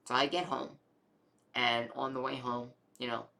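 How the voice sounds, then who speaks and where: A young adult man casually telling a long personal health story, rambling and animated, with many fillers. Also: mid-range voice, moderate pace, gravelly.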